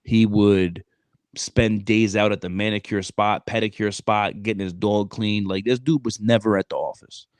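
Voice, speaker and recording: A man's voice: lowish voice, moderate pace, no echo. Slang-heavy man telling a story. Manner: animated, streetwise slang, frequent "bro". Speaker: podcast co-host. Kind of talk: casual storytelling chat.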